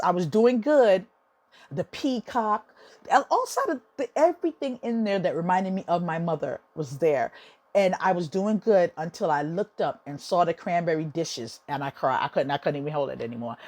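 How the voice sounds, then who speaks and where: A woman's voice: mid-range voice, a little mellow. A woman hosting a podcast from her home office, talking casually and emotionally, gushing and repeating words for emphasis. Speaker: podcast host. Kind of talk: casual monologue.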